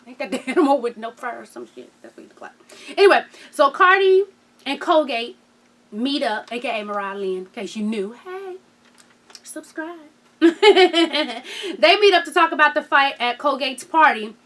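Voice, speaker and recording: A woman's voice: sits high, lively intonation, normal speed, a bit bright. A woman in her thirties recapping a reality TV episode in casual, slangy chat, laughing and acting out quotes. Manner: sassy, slangy, laughs often, acts out quotes.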